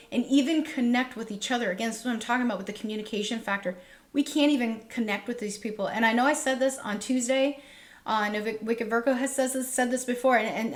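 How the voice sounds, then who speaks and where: A woman reads tarot for an online audience, her voice sitting a little high. She talks earnestly and emotionally, circling back to the same phrases again and again as she speaks to her listeners. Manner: earnest, repetitive, emotional, addresses viewers directly. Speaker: tarot reader. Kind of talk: spiritual tarot reading monologue.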